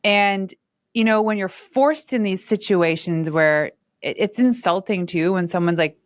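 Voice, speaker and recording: A woman hosting a podcast, telling personal stories in a lively, conversational way with laughs. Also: lowish voice, normal speed, dry recording, clean studio sound. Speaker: podcast host. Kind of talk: conversational storytelling.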